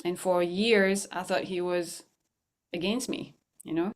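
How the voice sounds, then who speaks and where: A woman's voice: fairly low pitch, steady tone, a little slow. A middle-aged woman, a mindfulness teacher and guest on a show, telling a personal story in a chatty way, laughing often and restarting her sentences. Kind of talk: conversational storytelling.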